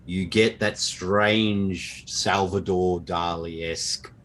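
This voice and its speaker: A man's voice: low-pitched, fairly even intonation, very slow, a bit bright. A man narrating a tabletop game as game master, describing the scene with frequent fillers over an online call.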